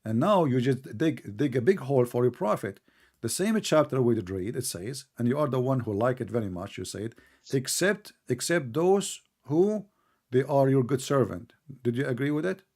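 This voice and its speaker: A man hosting a live online debate, combative and mocking, who reads out scripture slowly and deliberately. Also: medium pitch, lively intonation, a little mellow. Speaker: debate host.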